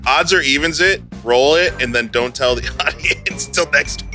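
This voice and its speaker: A man's voice: mid-range voice, moderate pace, pushed and bright, soft background music. A man playing in a tabletop game, chatting playfully and laughing often. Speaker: player. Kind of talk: casual chat.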